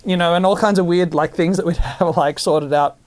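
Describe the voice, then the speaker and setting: A man, possibly, telling stories in a casual monologue, animated and full of restarts. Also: high-pitched, fairly quick. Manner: animated storytelling with many restarts.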